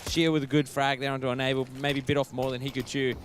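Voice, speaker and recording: A man in the caster's seat for an esports match, calling the action in a steady, measured way and padding his lines with fillers. His voice sits at an ordinary middle pitch, with a faint hiss of noise underneath. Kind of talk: play-by-play commentary.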